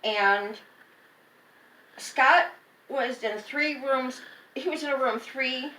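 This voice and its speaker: A vlogger with a high-pitched, bright, pushed voice tells her viewers a personal story at a slow pace, rambling casually and often correcting herself mid-sentence. The recording is echoey, with a distant mic and faint noise.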